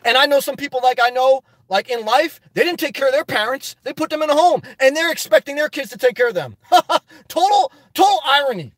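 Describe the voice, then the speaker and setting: High-voiced man ranting on a livestream. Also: brisk, dry recording. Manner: rambling, preachy and animated, laughs often. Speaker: livestream host reading viewer chat. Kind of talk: casual live chat.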